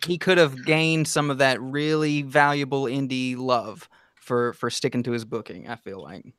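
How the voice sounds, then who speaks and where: A man co-hosting a casual podcast chat, animated and full of hesitant restarts. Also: mid-range voice, moderate pace, clean tone. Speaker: podcast co-host.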